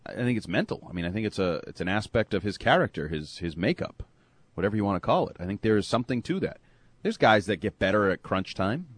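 Male sports radio co-host, opinionated and animated, dry studio sound. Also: on the low side, fast, no echo. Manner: opinionated, animated, joking banter. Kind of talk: casual sports talk.

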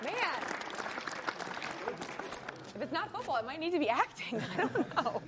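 A woman's voice: high voice, very animated, measured pace, over a noisy crowd, heavy background noise. A woman hosting a live event, upbeat and enthusiastic as she runs a party game. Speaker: event host.

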